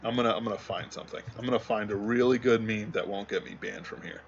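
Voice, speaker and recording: A man co-hosting a livestream rambles in casual chat while hunting for memes. His voice is fairly low and gravelly, and he talks at a quick pace. The sound is lo-fi with slight background noise.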